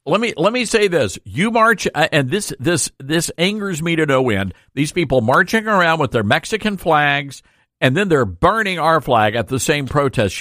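A man's voice: fairly high pitch, very animated, normal speed, sharp tone, no echo, studio quality. A man hosting a call-in radio talk show, giving blunt, fired-up opinions.

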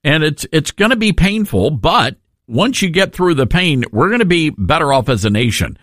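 A man's voice: a little high, very animated, normal speed, a bit bright, dry recording, clean studio sound. A man hosting a talk show, speaking in a folksy, enthusiastic way. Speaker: radio talk host. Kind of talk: casual talk radio monologue.

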